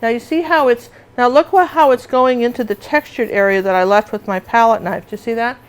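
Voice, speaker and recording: A woman's voice: a little high, fairly quick, smooth, low-quality recording. A middle-aged woman teaching acrylic painting in a live demonstration, chatty and often asking viewers if they see it.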